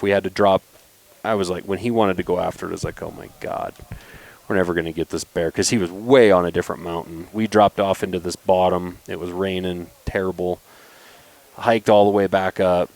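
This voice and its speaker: Lower-pitched man telling stories casually. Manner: animated, acts out quoted voices when telling stories. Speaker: knife company founder, podcast guest. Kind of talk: casual storytelling chat.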